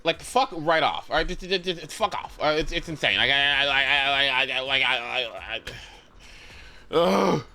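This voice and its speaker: A man's voice: medium pitch, expressive, normal speed, pushed and bright. A man hosting a live stream in casual chat from his home setup, ranting in exasperation with frequent swearing and stammered restarts. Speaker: livestream host.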